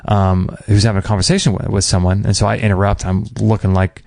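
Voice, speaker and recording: Guy on a podcast telling a story, low gravelly voice, dry close sound, acts out the dialogue. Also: fast, no echo. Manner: animated, acts out quoted dialogue; emotional, near tears at times. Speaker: podcast host. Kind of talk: casual storytelling.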